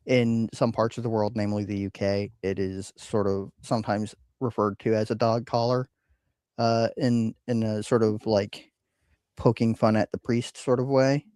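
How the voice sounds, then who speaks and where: A man's voice: medium pitch, a little mellow, clean tone, no echo. Rambling man hosting a whiskey podcast. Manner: rambling, hesitant with many fillers. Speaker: podcast host. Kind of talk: casual chat.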